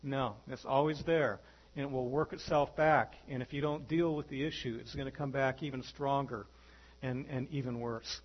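A man preaching a sermon as pastor, animated, acting out the voices in his stories. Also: mid-range voice, moderate pace, dull audio.

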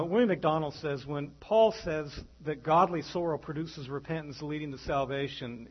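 A man preaching a sermon as pastor, animated, acting out the voices in his stories. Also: a little high, slightly rough, dull audio.

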